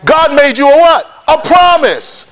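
Very high pitched guy preaching, keeps asking the crowd for answers, pushy call and response. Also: lively intonation, a little slow, fairly bright tone. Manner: urging, repeatedly prodding listeners for answers.

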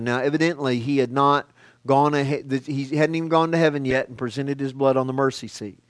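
This sermon comes from a man with a mid-range voice and a brisk pace, recorded without echo. He talks conversationally and asks the listeners questions, alternating between loud emphasis and quiet, hushed passages.

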